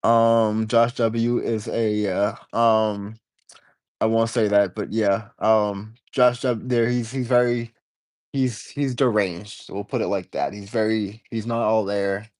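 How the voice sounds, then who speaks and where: A man's voice: lowish voice, steady tone, slow pace, a little mellow, no room sound. A man hosting a casual livestream, rambling in stops and restarts as he talks to his viewers. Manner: rambling, stop-start, reading out chat comments. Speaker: livestream host.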